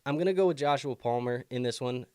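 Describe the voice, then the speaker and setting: Speaking quickly in a medium-pitched, darkish, resonant voice, this young man sounds clear in a dry, studio-quality recording. He runs a live fantasy football stream and fields viewer questions in a loose, filler-heavy way, working things out aloud while bothered by hiccups.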